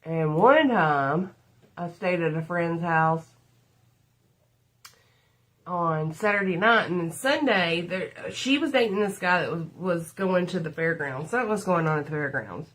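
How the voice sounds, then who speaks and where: A middle-aged woman with a lowish voice and a measured pace does her makeup on a livestream while telling rambling stories. She's chatty and calls her viewers "y'all."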